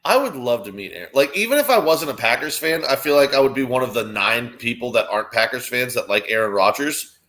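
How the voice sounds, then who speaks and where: A guest on a sports watchalong, this man talks quickly in a mid-range voice. He chats casually, swears freely, and exclaims at the action as he reacts to the game in an animated, profane way.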